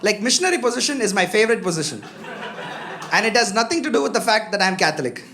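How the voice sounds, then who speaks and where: Lively gravelly young man doing stand-up. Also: high-pitched, fast, very noisy. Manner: animated, self-deprecating, acts out quoted voices. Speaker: stand-up comedian. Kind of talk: stand-up comedy set. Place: comedy club stage.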